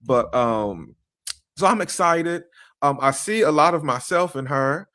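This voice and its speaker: A man's voice: fairly high pitch, animated, a little slow, pushed and bright. A man hosting a podcast, introducing his guest casually, hesitant and full of fillers. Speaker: podcast host.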